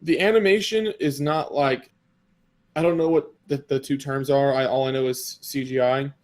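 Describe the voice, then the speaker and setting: A man's voice: medium pitch, steady tone, normal speed, darkish tone. Rambling man retelling an anime episode. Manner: rambling, filler-heavy storytelling with quoted dialogue. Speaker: podcast co-host. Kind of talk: casual chat recapping an anime episode.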